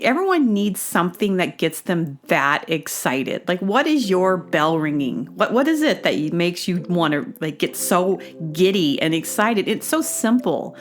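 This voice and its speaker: Chatty woman host telling a story. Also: mid-range voice. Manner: chatty, rambling, many fillers and restarts; acts out quoted dialogue with bursts of excited laughter. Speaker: podcast host. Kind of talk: casual storytelling monologue.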